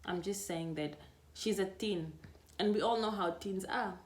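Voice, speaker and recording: Young Namibian woman, casual vlogger, animated storyteller, mid pitch. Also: measured pace. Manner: chatty and animated, laughing, full of restarts. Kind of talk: casual reflective vlog.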